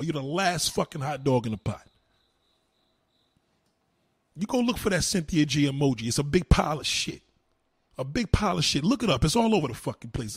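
A man ranting to a live chat as a streamer, loud, heated and profane. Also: fairly high pitch, slightly rough, no room sound. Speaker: online streamer.

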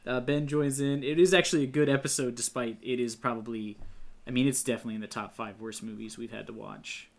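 A man's voice: medium pitch, steady tone, fast talker, gravelly. A man hosting a movie podcast, chatting and joking with restarts. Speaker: podcast host. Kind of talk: casual chat.

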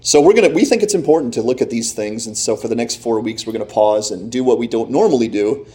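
A man's voice: medium pitch, animated, quick pace, mellow. A man preaching a sermon, playfully asking his congregation questions and joking with them. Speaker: pastor. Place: church in front of a congregation.

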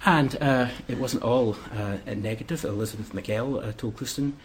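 A man giving a history lecture, pausing often with "uh" fillers between phrases. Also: medium pitch, slight background noise. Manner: hesitant, many "uh" fillers.

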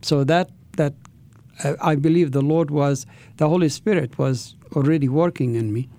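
A man's voice: fairly high pitch, normal speed, dark tone. A man, an interview guest, telling his life story with an intense, earnest manner.

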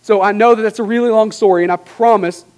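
A male preacher with a notably high voice, reading scripture to his congregation. He lifts his voice for the quoted lines and leans on rhetorical questions, tagging his points with a quick "right?". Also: steady tone, darkish tone. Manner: reads scripture with dramatic emphasis, rising for quoted lines. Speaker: pastor.

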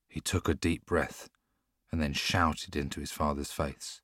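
A man narrating an audiobook in a measured, steady storytelling manner. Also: extremely low pitch, no echo, clean studio sound. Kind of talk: scripted narration.

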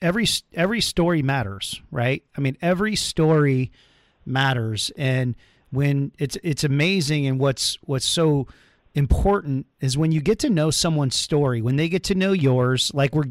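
A man's voice: fairly high pitch, moderate pace, dry recording, clean studio sound. A man hosting a podcast, speaking earnestly in a casual interview with frequent restarts. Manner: earnest, many fillers and restarts. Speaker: podcast host.

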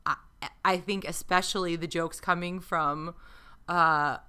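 A woman in her thirties co-hosts a podcast, trading wry jokes in casual comedic chat and swearing freely. Her voice is fairly low, bright, forceful and clean, with fairly even intonation and a slightly slow pace.

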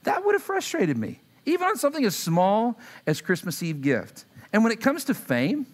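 A man's voice: high voice, normal speed. A man in his thirties preaching a sermon, telling stories and acting out quotes as he speaks to his congregation. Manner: animated, acts out quotes, asks the audience. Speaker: pastor. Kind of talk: sermon with storytelling.

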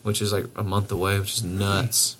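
A man's voice: lowish voice, level tone, moderate pace, fairly bright tone. A man co-hosting a podcast in casual banter, rambling and joking, swearing freely. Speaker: podcast co-host.

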